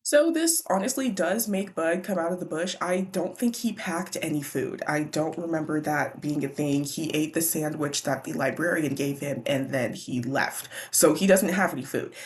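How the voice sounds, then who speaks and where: A woman casually recapping a children's book, animated and slangy. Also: sits low, moderate pace, few pauses. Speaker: book vlogger.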